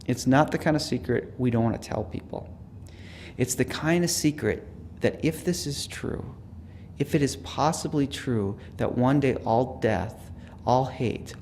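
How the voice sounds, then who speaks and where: A man, a theology professor, giving a reflective teaching talk with personal stories, earnest and dropping to a hush for quoted words. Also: medium pitch, a little hiss or hum.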